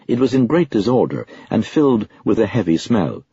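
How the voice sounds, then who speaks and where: A man narrates a story in the first person, his voice low, dark and very husky, with a lively rise and fall. The recording sounds dull and lo-fi, with no room echo. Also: normal speed. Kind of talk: audiobook narration.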